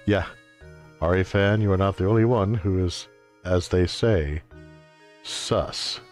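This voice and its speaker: A man's voice: deep voice, unhurried, darkish tone, faint music behind. A man streaming a video game, giving wry, joking commentary with exaggerated exclamations. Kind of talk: let's-play commentary.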